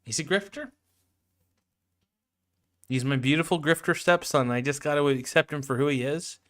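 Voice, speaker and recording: A man's voice: on the high side, moderate pace, fairly bright tone. Sarcastic man rambling through casual commentary. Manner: sarcastic, mocking, rambling with frequent restarts; profane, jokey asides. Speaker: video creator.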